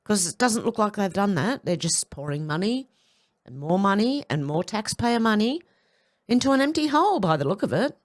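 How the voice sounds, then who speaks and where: A woman's voice: mid-range voice, sing-song, moderate pace. A woman hosting an opinion commentary, blunt and irritable, with sarcastic asides and swearing, nursing a headache and sore back. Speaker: commentary channel host. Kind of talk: casual opinion commentary over clips.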